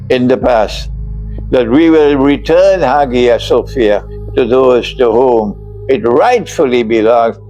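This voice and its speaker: An older man giving a slow, emphatic religious lecture as an Islamic scholar, often breaking into laughter. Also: mid-range voice, darkish tone, low-quality recording.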